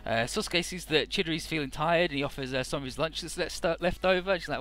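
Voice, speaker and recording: A man's voice: a little high, quick pace, a bit bright, faint music behind. A young man casually recapping a video game's story, rambling and irreverent, with many uhs. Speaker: let's play narrator.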